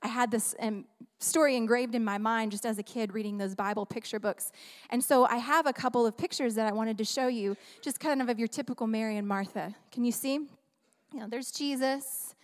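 A woman preaching a sermon in an animated, humorous, conversational way, often asking the audience questions. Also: fairly high pitch, fairly quick, hardly any pauses. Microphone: handheld microphone. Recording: long reverb of a large hall.

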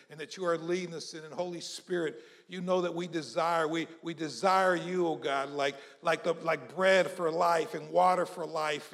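A pastor from South Mississippi preaches in a church hall, leading the congregation in call-and-response and swinging from hushed prayer to shouting. His voice sits on the high side with vocal fry, and the recording carries a long church-hall reverb.

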